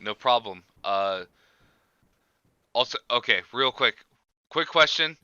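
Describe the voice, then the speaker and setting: Male host, easygoing, casual cursing, crisp voice through a dull lo-fi mic. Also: medium pitch, expressive, takes it slowly, bright, forceful tone, dry recording. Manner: laid-back, swears casually. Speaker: podcast host. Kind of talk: casual interview chat.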